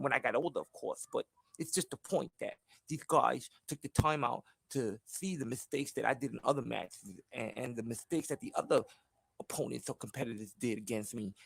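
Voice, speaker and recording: A man doing a comedic impression of a famous boxer, rambling and excitable. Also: creaky, no room sound. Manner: rambling, high-pitched, rapid run-on talk.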